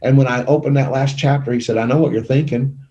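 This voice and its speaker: A middle-aged man telling his own life story in a studio conversation, emotional and animated as he acts out what people said. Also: medium pitch, quick pace, dull audio. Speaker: guest telling his testimony. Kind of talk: conversational testimony. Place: small media studio. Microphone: studio microphone.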